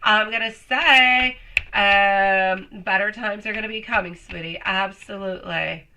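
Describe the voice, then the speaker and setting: A woman with a steady, mid-range voice talks at a measured pace over a noisy background during a live tarot reading. She's chatty and fond with viewers, calling them "sweetie" and "love," and her voice remains slightly off as she recovers.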